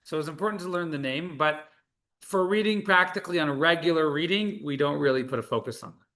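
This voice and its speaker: A man's voice: a little high, fast, fairly bright tone. A man teaching a Hebrew reading class over a video call, patiently sounding out syllables one at a time. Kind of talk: online class instruction.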